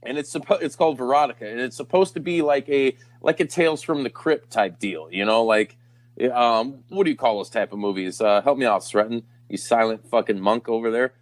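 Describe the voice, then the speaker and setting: A man's voice: medium pitch, brisk. Guy hosting a podcast, cussing nonstop, rambly and laughy. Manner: rambling, swears a lot, laughs often. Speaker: podcast host. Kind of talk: casual profane chat.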